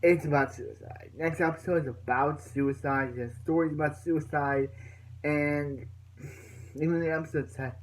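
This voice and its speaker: A man's voice: on the high side, steady tone, moderate pace, a little hiss or hum, rough recording. A young man recapping a TV episode in a casual, rambling way, full of fillers and restarts. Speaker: reviewer.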